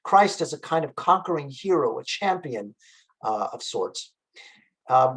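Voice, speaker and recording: A man giving an online lecture on a choral work, explaining at a measured pace with frequent fillers, heard over a video call. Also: mid-range voice, husky, poor audio. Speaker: music lecturer.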